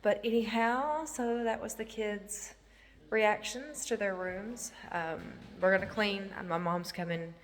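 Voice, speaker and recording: A woman, talking casually in a rambling vlog as a mother. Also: medium pitch. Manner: chatty, rambling, with drawn-out fillers. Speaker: vlogger and mother.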